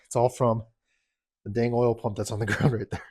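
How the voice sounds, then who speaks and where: A man's voice: mid-range voice, flat delivery, a little mellow, breathy edge, dry recording, clean studio sound. A man, out of breath in a cold, dim home garage, casually talking through car parts with lots of fillers and restarts. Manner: halting, filler-heavy explaining. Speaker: car enthusiast vlogger.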